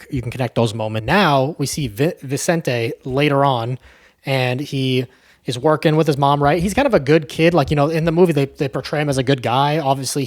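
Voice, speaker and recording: A man casually retelling a movie plot, loose and profane, full of fillers. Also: mid-range voice. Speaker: movie recap host.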